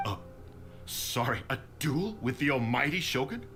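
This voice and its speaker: A man's voice: mid-range voice, lively intonation, normal speed, sharp tone, a little hiss or hum. An actor playing a scheming older male noble who blusters and stammers when he is cornered. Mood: flustered.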